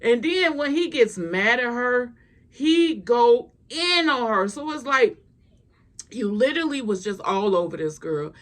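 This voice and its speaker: A woman's voice: a little high, animated, a little slow. A woman giving casual gossip commentary, blunt and exasperated, and swearing freely.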